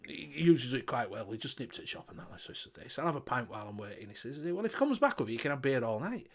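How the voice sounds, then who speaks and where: A man's voice: medium pitch, fast talker. A man with a Northern English accent, co-hosting a casual show and telling a long, sweary pub joke with voices for each character. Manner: animated storyteller, swearing freely, voicing characters. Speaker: vape show co-host.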